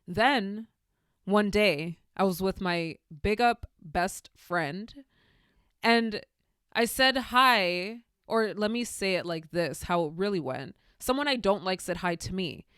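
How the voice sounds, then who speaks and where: A young woman hosts her own podcast, talking in a candid, animated, storytelling way. Her voice is smooth and resonant, with a mid-range pitch. The sound is close and dry, with no room echo. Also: slow pace. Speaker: podcast host. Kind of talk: reflective solo podcast monologue.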